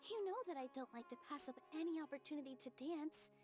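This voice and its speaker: A woman's voice: sits high, quick pace, a little mellow, faint music behind, natural voice. A woman voicing a confident young dancer who speaks in a sweet, reassuring way.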